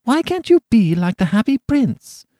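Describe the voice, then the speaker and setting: A man doing a high, scolding mother. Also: very animated, unhurried, warm tone, no room sound, studio quality, full character voice.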